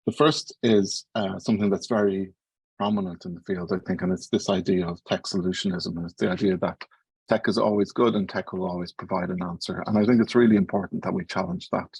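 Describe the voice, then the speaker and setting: A man with an Irish accent giving an academic panel talk, speaking quickly and earnestly as he explains his points. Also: low-pitched, steady tone, creaky, darkish tone, breathy edge, dry recording, rough recording. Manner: fast-paced, earnest, explanatory.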